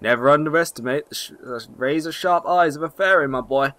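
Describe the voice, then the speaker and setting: A man voicing a cheeky, excitable male fairy who talks in brash slang, with game music behind. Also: on the high side, fairly quick, no room sound, natural voice.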